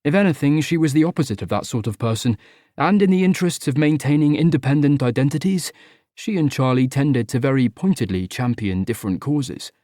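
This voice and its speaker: A man's voice: mid-range voice, expressive, brisk, mellow, no echo, studio quality. A man narrating a first-person audiobook in a wry, conversational way.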